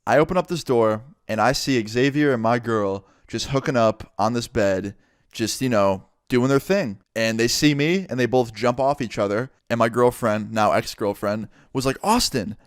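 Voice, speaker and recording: A young man telling a personal story in a casual, animated way, swearing often. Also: mid-range voice, normal speed, smooth, no echo, clean studio sound. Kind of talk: storytime narration.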